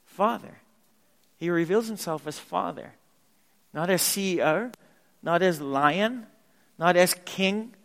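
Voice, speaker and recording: A man's voice: high voice, measured pace, vocal fry. Man preaching in an echoing church. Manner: animated, emphatic preaching with repetition. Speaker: pastor. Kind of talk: sermon. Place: church sanctuary. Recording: long reverb of a church hall.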